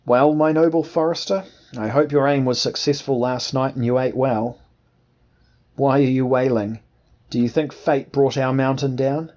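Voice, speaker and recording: A man voicing a tall, thin, sardonic gentleman traveller in an audiobook, ironic and amiable. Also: medium pitch, sing-song, moderate pace, breathy edge, voice pushed up. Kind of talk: audiobook dialogue.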